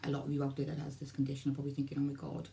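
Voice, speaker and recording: Welsh woman vlogger, 40s, dark gravelly voice, rambles and repeats herself. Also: very deep voice, monotone, rapid-fire, slight background noise. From Wales. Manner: rambling, repeats herself, loses her thread. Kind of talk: casual vlog talk to camera.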